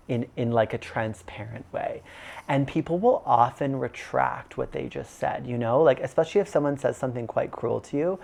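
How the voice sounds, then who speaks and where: A man's voice: mid-range voice, vocal fry, a little mellow. A man in his thirties teaching an online course in a casual, conversational way, full of "like" and "you know". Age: 30s. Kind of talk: casual instructional talk.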